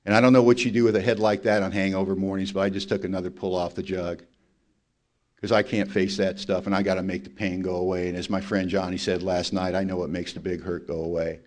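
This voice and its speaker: A man with a low, slightly mellow voice and little pitch movement talks fast at a recovery meeting. He gives a personal testimony, telling his story bluntly, emphatically and with self-mockery.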